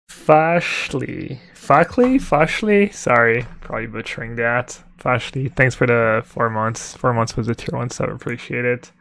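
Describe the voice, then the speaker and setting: A male game streamer talks through his plays in a relaxed, unhurried way, answering chat and musing aloud with little fillers. His voice sits at an ordinary middle pitch. It is recorded close and dry on a desk mic. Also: dry recording. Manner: chatty, reads chat aloud, thinks aloud with fillers. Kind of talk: live-stream commentary while playing.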